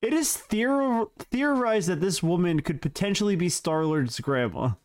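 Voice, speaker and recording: A man's voice: high voice, expressive, moderate pace, clear, resonant tone. A man co-hosting a podcast, reading prepared facts in casual, joking banter with his co-host. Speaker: podcast co-host presenting trivia.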